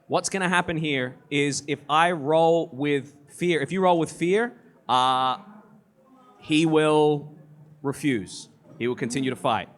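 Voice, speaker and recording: A man's voice: a little high, slow pace. Man running a live tabletop game. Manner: laughing, explains rules. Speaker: game master. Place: convention hall stage.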